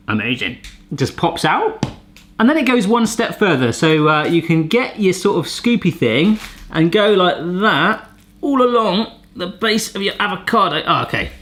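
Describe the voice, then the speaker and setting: Man, jokey vlog host, lively swooping voice, slightly high, home kitchen. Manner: jokey, pun-loving, chatty. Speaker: cooking channel host. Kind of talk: casual gadget-testing vlog.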